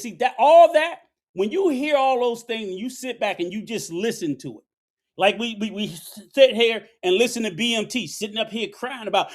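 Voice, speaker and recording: A middle-aged man delivers a heated, profane commentary rant. His voice sits unusually high for a man, and he preaches and scolds throughout. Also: animated, normal speed, a bit bright. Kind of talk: ranting commentary.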